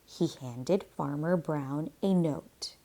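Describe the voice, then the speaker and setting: A woman teacher reading a picture book aloud slowly and deliberately, pausing for comprehension questions. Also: deep voice, dark tone. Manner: slow, deliberate read-aloud.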